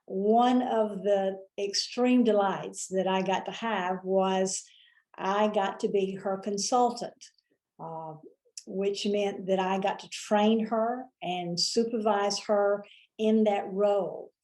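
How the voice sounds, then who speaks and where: A middle-aged woman, hosting a vlog and telling a personal story in a chatty, animated way, with many fillers and restarts. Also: mid-range voice, slow. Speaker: vlog host.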